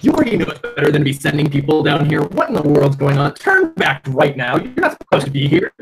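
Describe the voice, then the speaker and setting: A stern, bossy guard in full armor, as a game master puts him on, cursing and barking orders at intruders. The voice is gravelly and loud. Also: male voice, on the high side, huge pitch swings, unhurried, exaggerated voice. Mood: angry.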